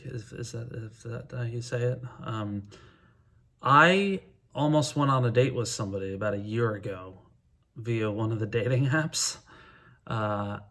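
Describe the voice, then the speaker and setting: A middle-aged man talking casually to camera as a music vlogger, counting down his favorite records in an easygoing, enthusiastic way with frequent hesitant pauses. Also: mid-range voice, a bit bright.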